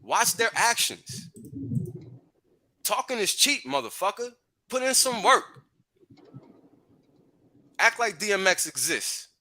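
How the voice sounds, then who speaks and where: A man's voice: high-pitched, very animated, slow, pauses often, pushed and bright. A man hosting a livestream, ranting profanely and heatedly with frequent laughs. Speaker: podcast host.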